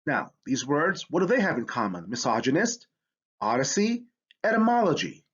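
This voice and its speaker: A man's voice: a little high, big pitch swings, normal speed, a bit bright, slightly rough, lo-fi sound. A man teaching a spelling lesson, explaining with enthusiasm. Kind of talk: educational lesson.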